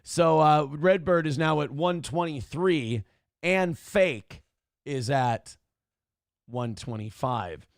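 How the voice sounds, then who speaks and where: A middle-aged man hosts a casual livestream talk show, reading donations aloud with loud, crude jokes and a rough voice that cannot reach high notes. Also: takes it slowly, no echo, studio quality. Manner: loud, crude, joking, reads chat messages aloud.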